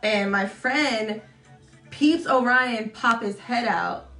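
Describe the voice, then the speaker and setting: A woman's voice: slow pace, bright, forceful tone, faint music behind. A young woman telling a story to camera in a casual, chatty way, often swearing and mocking herself. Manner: chatty, swearing, self-mocking, acts out quotes in high voices. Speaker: vlogger. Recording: echoey room.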